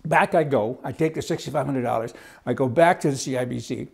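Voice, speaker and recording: A business owner telling an exasperated personal anecdote, breaking into incredulous outbursts. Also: male voice, medium pitch, brisk, creaky, breathy edge. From Canada. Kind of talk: ranting personal anecdote to camera.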